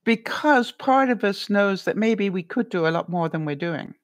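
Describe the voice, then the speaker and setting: A middle-aged woman hosts a casual livestream, chatting with viewers and reading their comments aloud. She's animated, full of fillers and rhetorical questions, with a medium pitch and normal speed.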